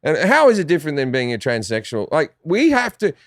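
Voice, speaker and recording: A man's voice: a little high, huge pitch swings, a little fast, no room sound, studio quality. An Australian man guesting on a podcast, talking in a blunt, profane, rambling way with lots of restarts. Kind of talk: casual chat.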